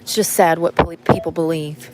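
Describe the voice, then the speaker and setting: A woman's voice: sits low, fairly even intonation, a little fast, heavy background noise. Blunt woman vlogging while shopping. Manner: blunt, rambling, muttering to herself while shopping. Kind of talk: casual vlog talking to viewers. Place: inside a store.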